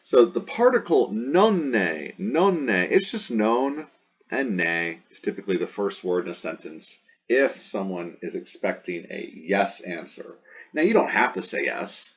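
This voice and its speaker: A man's voice: fairly low pitch, sing-song, unhurried, dull audio. A man teaching a Latin grammar lesson, patiently explaining and repeating key words, stressing words to show emphasis. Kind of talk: recorded classroom lecture.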